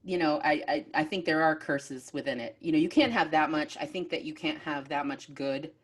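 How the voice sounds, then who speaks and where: A low-pitched woman from Maine hosts a casual chat, rambling through anecdotes with frequent "um" and "you know." Her delivery is animated and loose, full of restarts. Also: moderate pace, breathy edge. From Maine, USA. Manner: animated storyteller, many fillers and restarts. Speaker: podcast host.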